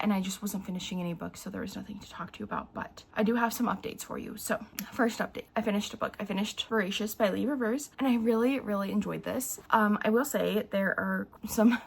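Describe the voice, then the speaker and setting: A woman's voice: mid-range voice, creaky, slightly rough. A young woman chatting casually in a book vlog, emotional and teary, rambling with lots of fillers. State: teary from crying. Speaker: book vlogger.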